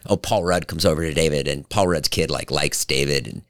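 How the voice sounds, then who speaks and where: A man hosting a podcast, telling stories in casual chat and acting out quotes in high voices. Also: brisk, no echo, studio quality. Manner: animated storyteller, acts out quotes in high voices. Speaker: podcast host.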